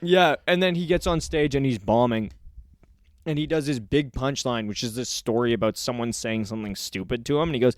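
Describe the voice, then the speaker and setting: A man's voice: mid-range voice, fairly quick, no room sound, clean studio sound. A man in his twenties co-hosting a podcast, telling a story in casual chat and acting out the quotes. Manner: animated storyteller, acts out quotes in loud voices. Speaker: podcast co-host.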